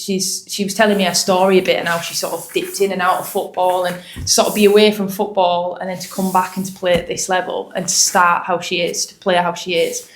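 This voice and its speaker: With a reverberant sound and slight background noise, a young woman footballer from Hull, England gives a post-match interview. Her voice sits on the low side, her accent is Hull English, and her chatty answers are full of ums and restarts.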